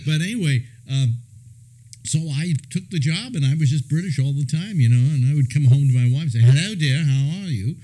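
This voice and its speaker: Older man, lively pitch, rambling storyteller, chuckles, radio host. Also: brisk, poor audio. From California. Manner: chuckling, meandering storyteller with many restarts. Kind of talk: rambling anecdotal chat.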